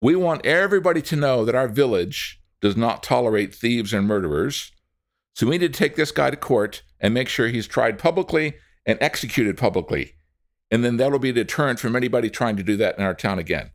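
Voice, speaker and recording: A man voicing an indignant male villager who urges the crowd to hold a public trial, with a slightly gravelly voice. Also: medium pitch, animated, brisk, lightly acted. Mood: urgent.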